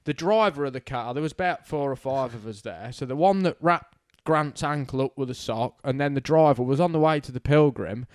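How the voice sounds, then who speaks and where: A man's voice: mid-range voice, fairly quick, few pauses, a little mellow, smooth, no room sound, studio quality. A man co-hosting a podcast, chatting casually and telling rambling stories full of tag questions. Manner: banter-filled, rambling storytelling with tag questions. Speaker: podcast co-host. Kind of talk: casual chat.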